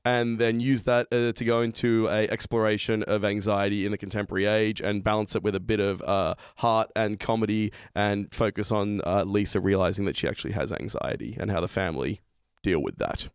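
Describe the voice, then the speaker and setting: Wry deadpan man on a podcast. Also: fairly low pitch, fairly quick, clean tone, no room sound, studio quality. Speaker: podcast guest. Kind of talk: casual chat.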